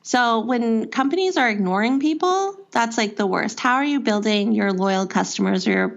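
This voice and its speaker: A woman's voice: a little high, lively intonation, moderate pace, vocal fry, highs cut off. A woman guest on a podcast interview, speaking frankly and breezily and laughing often. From Canada. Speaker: guest, social media strategist. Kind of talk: casual interview chat.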